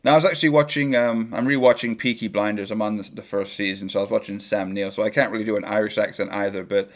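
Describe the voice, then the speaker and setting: A man's voice: lowish voice, steady tone, quick pace. A young man chatting casually and joking while he reacts live to a football match on a home stream. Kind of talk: live match watchalong chat.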